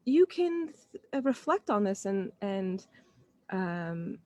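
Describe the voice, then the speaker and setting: A woman's voice: medium pitch, sing-song, slow, dark tone, no room sound, lo-fi sound. Earnest woman coaching parents, dry sound. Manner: earnest, conversational, full of restarts and acted-out inner thoughts. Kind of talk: live online Q&A talk.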